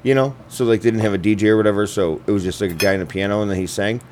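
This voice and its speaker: A man's voice: fairly low pitch, fairly even intonation, racing, darkish tone, a little hiss or hum. A man hosting a casual radio show, telling stories at a loose, rambling pace with lots of fillers and swearing. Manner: rambling, laid-back, swearing, many fillers. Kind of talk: casual chat.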